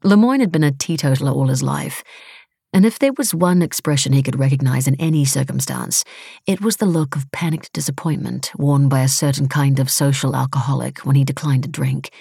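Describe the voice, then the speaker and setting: A woman reading a novel aloud in steady, wry, measured audiobook narration. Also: rumbling low, gravelly, slightly rough, no echo, clean studio sound.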